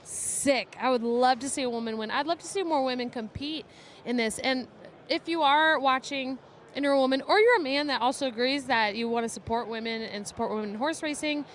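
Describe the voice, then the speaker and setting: High-voiced upbeat woman co-host. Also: brisk, slight background noise. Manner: upbeat, chatty, enthusiastic. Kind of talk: casual live broadcast chat.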